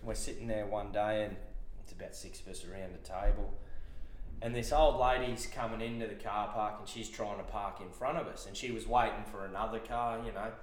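A man's voice: lowish voice, fairly even intonation, brisk. Swearing Australian man telling yarns. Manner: swearing, laughing anecdote teller. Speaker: podcast guest. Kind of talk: casual storytelling. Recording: roomy echo.

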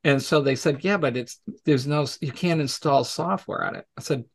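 With a gravelly, husky voice on the high side and a moderate pace, this man is a podcast guest and educator. In the interview he relaxedly shares teaching stories, voicing the people he quotes and laughing frequently.

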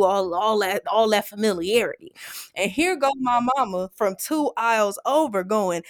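A woman hosting a casual chat. She tells a funny family story in a middle pitch and throws herself into acting out each quote. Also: normal speed. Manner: animated, acts out quotes of her parents.

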